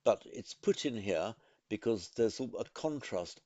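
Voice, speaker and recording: A man teaching a language lesson in a careful, methodical way, pausing to correct himself. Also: fairly low pitch, lively intonation, mellow, dry recording, muffled recording. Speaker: Sanskrit teacher. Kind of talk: explanatory lesson.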